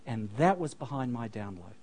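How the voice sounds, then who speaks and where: A man preaching a sermon. His pitch leaps and falls as he acts out the stories he tells. He throws in quick joking asides to the congregation. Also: big pitch swings, a little mellow, rough recording. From New Zealand. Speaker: pastor.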